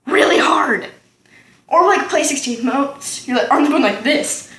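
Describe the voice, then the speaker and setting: A teenage girl chats casually to her camera in a home kitchen, telling a storytime-style vlog. Her voice is high-pitched, animated, unhurried, and a bit bright, and she rambles off on tangents with lots of ums and likes. The room is echoey.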